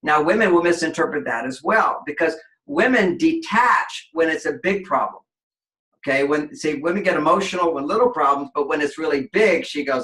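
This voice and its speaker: A man's voice: a little high, normal speed, pushed and bright. A man guest on an interview show, explaining relationships in an expansive way and acting out quoted voices. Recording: echoey room.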